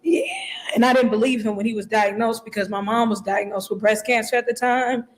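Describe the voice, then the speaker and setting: A woman's voice: on the high side, fairly even intonation, a little fast. A woman contestant on a dating show, talking openly and emotionally about her past. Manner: open, emotional, candid.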